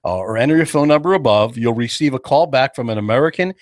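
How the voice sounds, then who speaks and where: A man hosts a talk radio show from a studio. His pitch swings widely as he jokes, teases his co-host and acts out other people's voices. The sound is close and dry, with no room echo. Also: animated, quick pace. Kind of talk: casual radio chat. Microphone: studio microphone.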